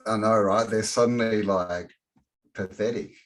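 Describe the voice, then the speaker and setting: A man's voice: lowish voice, steady tone, unhurried. A man as a podcast guest, chatting bluntly with casual swearing and frequent laughs. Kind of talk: casual chat.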